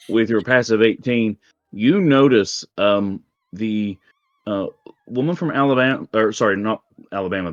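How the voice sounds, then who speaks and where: A man running a tabletop game as game master, narrating casually with many pauses and fillers. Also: lowish voice, dull audio.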